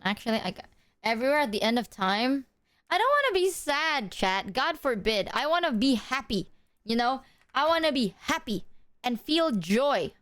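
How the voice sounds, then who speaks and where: A woman streamer telling stories to her chat in a lively, profane, chatty way. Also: fairly high pitch, no room sound, studio quality. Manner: animated, profane storytelling, talks to chat. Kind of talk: casual livestream chat.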